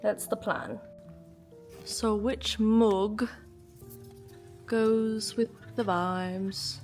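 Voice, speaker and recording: Book vlogger, woman, home kitchen chat: lively asides, unhurried delivery, faint music underneath. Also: mid-range voice. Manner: chatty and animated, swinging between loud exclamations and quiet asides. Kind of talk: casual vlog chat.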